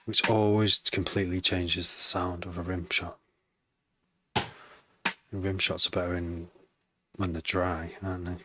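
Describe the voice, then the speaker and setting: A man with a slight Wrexham accent chats casually to himself as he produces music. His voice sits very low. He muses aloud, breaks off mid-thought and restarts, and drops in wry, self-mocking asides. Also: flat delivery, measured pace, pauses often, sharp tone, a little hiss or hum. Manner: musing aloud, trailing off and restarting. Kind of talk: casual self-talk while making music.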